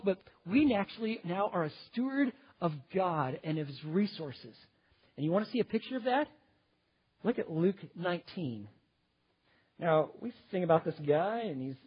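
A man preaching a sermon, moving from loud, emphatic lines down to quiet, intense ones. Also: high voice, husky, highs cut off. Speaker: pastor.

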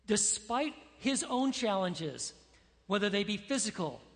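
A male pastor delivers a sermon in an animated, emphatic way, acting out quotes as he goes. His voice is recorded in a church sanctuary with a long, ringing reverb. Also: sits high, a little slow, creaky.

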